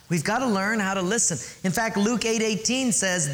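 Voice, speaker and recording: Earnest bright-voiced preacher. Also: male voice, high voice, lively intonation, normal speed, hardly any pauses. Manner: earnest, directs listeners to take notes. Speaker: pastor. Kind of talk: sermon.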